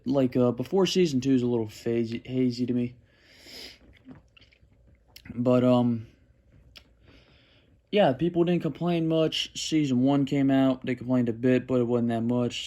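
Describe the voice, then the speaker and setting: A man's voice: medium pitch, mellow. A young man ranting about a video game series, rambling with restarts and frustrated sarcasm. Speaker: gaming commentary youtuber. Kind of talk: unscripted gaming rant.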